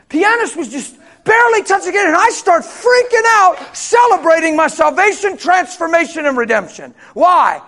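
A man preaching a sermon as pastor, swinging from hushed storytelling to loud, fervent shouting. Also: very high-pitched, lively intonation, moderate pace, few pauses.

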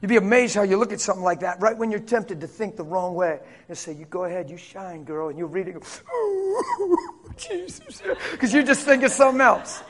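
A man with a high voice delivers a lively sermon. He talks straight to his listeners, calling out "come on" and "man," and switches between raised emphasis and low murmurs. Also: fast talker, few pauses. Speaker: pastor.

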